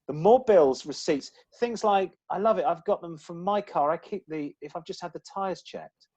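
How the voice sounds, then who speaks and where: A man's voice: high-pitched, normal speed, dark tone. A man co-hosting a casual podcast, talking in a chatty, rambling way with frequent restarts. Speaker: podcast co-host. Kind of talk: casual chat.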